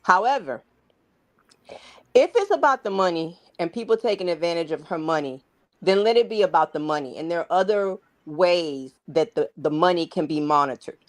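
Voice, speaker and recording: A woman's voice: fairly low pitch, animated, normal speed, no echo. A woman co-hosting a podcast in casual chat, frank and opinionated, often restarting her sentences. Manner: frank, opinionated, self-correcting. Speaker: podcast co-host.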